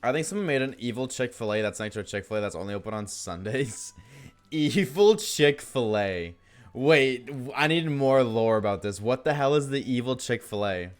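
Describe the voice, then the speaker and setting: A man's voice: mid-range voice, fast talker, hardly any pauses. A tired man streaming a game live, yawning and rambling jokily to his chat. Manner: rambling, jokey, talks to chat. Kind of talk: casual live-stream chat while gaming.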